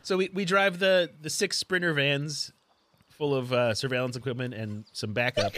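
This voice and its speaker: A man playing a tabletop game, playful and quick with jokes. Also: mid-range voice, steady tone, sharp tone, no room sound. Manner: playful, tosses in put-on lines. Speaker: player. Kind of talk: casual chat, joking.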